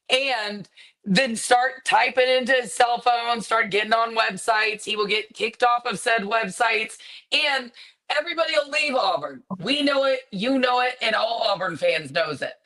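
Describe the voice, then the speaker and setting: A woman's voice: on the high side, a bit bright, rough recording. A woman co-hosting a sports talk show, ranting with sarcasm and emphasis in casual chat. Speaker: podcast co-host.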